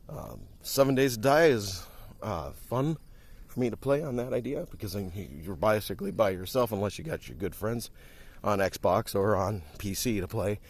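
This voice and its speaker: Guy from wisconsin kinda low voice, out of breath, rambling on a walk by the cornfields, phone in hand. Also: animated, normal speed, a little mellow. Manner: rambling, chatty, talks while walking. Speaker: streamer. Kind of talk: casual walking vlog. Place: outdoors by cornfields on a country lane. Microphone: handheld phone while walking.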